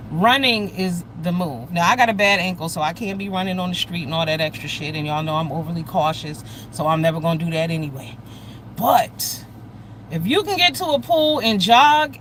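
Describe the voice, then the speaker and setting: Talking straight to her audience, this American livestream host has a medium-pitched voice. Her gossip comes fast and lively, blunt and full of profanity, while vehicles hum faintly behind her.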